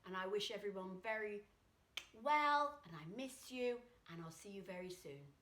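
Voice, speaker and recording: Bright, sing-song woman telling a kids' story. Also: mid-range voice, moderate pace, echoey room. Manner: animated, sing-song, drops to soft near-whispers for breathing cues. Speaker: children's yoga teacher. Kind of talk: children's storytime narration.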